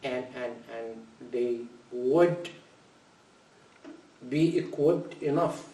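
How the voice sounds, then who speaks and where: Older man lecturing in an echoey mosque hall. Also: fairly high pitch. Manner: earnest, repeats key phrases, animated in anecdotes. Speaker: mosque speaker. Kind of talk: lecture to a congregation. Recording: echoey room, distant mic.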